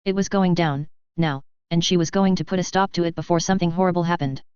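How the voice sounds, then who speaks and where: A woman narrating a science fiction story in a steady, even reading. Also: on the low side, fast talker, smooth, no echo. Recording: slightly dull close recording.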